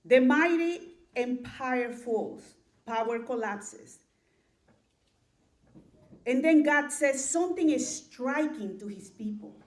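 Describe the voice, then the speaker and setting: A woman clergy member gives a sermon in a high, unhurried voice. She reads scripture in a measured cadence and repeats her key lines so they land. The room around her rings with a roomy echo. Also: expressive. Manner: slow and deliberate, repeats key lines for emphasis.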